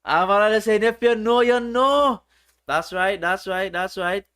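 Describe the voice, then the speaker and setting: A man's voice: high-pitched, unhurried, fairly bright tone. A man hosting a casual livestream, reading viewers' chat aloud in a playful, teasing way. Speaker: livestream host.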